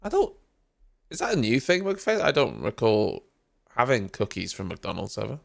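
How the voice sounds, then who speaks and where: A drowsy man hosts a casual early-morning live stream and chats loosely with his viewers. His low voice has a gravelly rasp, but the pitch rises and falls a lot as he rambles. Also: wildly swooping pitch, normal speed. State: sleepy, just woken up. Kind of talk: casual live reaction chat.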